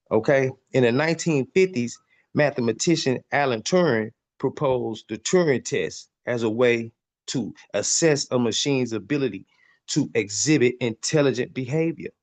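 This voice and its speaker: With a mid-range, darkish voice at a moderate pace, a man hosts a podcast on spiritual matters. He preaches as he reads passages out, repeats lines to stress them, and frequently stumbles over the repeated words.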